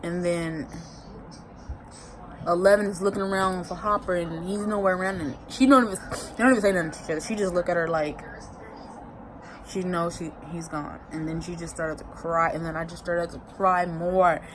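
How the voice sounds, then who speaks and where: This is a woman vlogging a TV season recap, colloquial and expressive, emotional and rambling as she repeats herself often. She has a fairly low pitch and a normal speed, against a noisy background.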